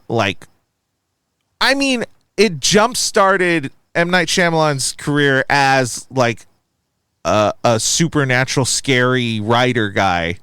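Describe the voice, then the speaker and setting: Man co-hosting a movie review podcast, animated, fairly high, smooth and clear, dry close sound. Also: no echo. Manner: animated, reads review aloud, quizzical. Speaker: podcast co-host. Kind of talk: casual movie review chat.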